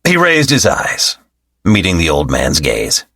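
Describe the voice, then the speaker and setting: Low-voiced expressive male narrator. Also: unhurried, creaky, no echo, studio quality. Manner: expressive storytelling. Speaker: audiobook narrator. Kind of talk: scripted narration.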